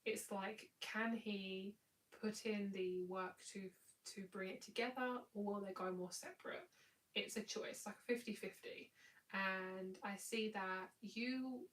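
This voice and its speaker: A woman's voice: mid-range voice, steady tone, a little slow, a bit bright, recorded from a distance, poor audio. A tired woman giving a live tarot reading in a chatty, rambling, affectionate way. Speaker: tarot reader.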